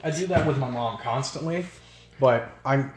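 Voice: mid-range voice, moderate pace. A podcast co-host telling family anecdotes with laughter and casual swearing, recorded in a basement. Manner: laughing, profane anecdote teller. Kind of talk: casual chat. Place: suburban basement. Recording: roomy basement echo, faint hiss.

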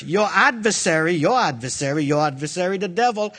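A middle-aged man preaching a lively sermon in a church, joking and calling out to the congregation. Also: high-pitched, fairly quick, few pauses. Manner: animated, playful preaching with call-outs to the congregation. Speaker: pastor.

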